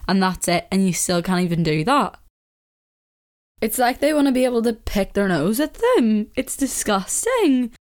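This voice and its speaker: This young woman from Northern Ireland is a vlogger whose mid-range voice carries a Northern Irish accent. In casual, opinionated chat she laughs a lot and now and then lowers her voice to a whisper.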